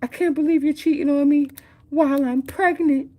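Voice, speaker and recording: A woman voicing a jealous young wife who speaks in a high, indignant, accusing way. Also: fairly even intonation, moderate pace, darkish tone, lightly acted.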